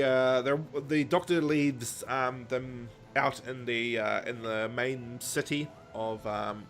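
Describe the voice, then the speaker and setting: A man's voice: mid-range voice, a bit bright. A man co-hosting a podcast, casually recapping a story in a rambling, jokey way with lots of ums. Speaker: podcast co-host.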